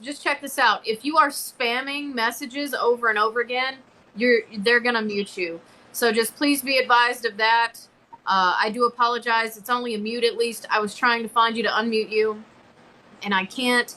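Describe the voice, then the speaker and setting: A woman's voice: a little high, pushed and bright, poor audio. A woman moderating a live stream, speaking casually with many fillers but firmly. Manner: hesitant with fillers, firm.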